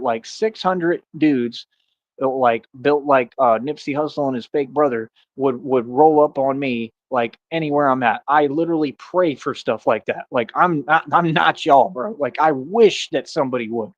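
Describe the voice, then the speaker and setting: A man's voice: mid-range voice, no echo. A man talks straight to his stream viewers in a confrontational, insistent monologue, leaning on "bro" and "you feel me". His voice sits mid-range. The audio is dull and lo-fi, with a dry, close sound.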